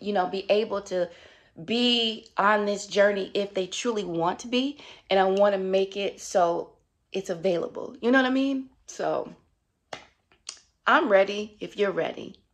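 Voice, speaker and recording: A middle-aged woman vlogging about her juicing journey in a casual, upbeat, chatty way, with many fillers. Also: mid-range voice. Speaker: wellness vlogger. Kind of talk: casual motivational vlog.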